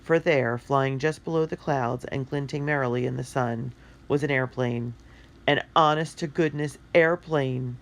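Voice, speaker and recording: Steady children's book narrator. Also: mid-range voice, unhurried. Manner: clear, steady storytelling.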